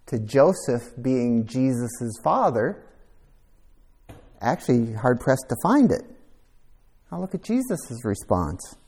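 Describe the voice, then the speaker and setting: A man's voice: medium pitch, big pitch swings, slow pace, long pauses, warm tone, slightly rough. A man preaching a conversational sermon, reflective and thinking aloud, sometimes repeating a word as he goes. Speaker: pastor.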